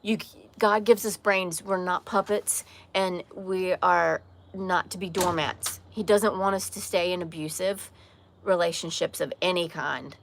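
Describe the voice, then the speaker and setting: A woman's voice: fairly low pitch, steady tone, unhurried, vocal fry, a little hiss or hum. A woman with a slight Southern accent, hosting a casual livestream from an outdoor porch and talking candidly to viewers' comments, often restarting her sentences. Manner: candid, frank, with frequent restarts and trailing phrases. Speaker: livestream host.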